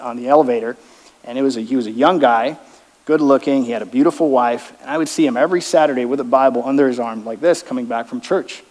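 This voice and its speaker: A man sharing an earnest personal testimony to a church audience, acting out the dialogue of his story. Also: medium pitch. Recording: long hall reverb.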